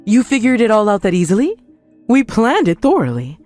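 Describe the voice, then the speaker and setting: A woman's voice: very animated, fairly quick, a little mellow, soft background music. A woman voicing a scheming, indignant older mother-in-law who dotes on her son and blames everyone else. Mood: pleading. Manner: indignant, wildly swinging shrill pitch.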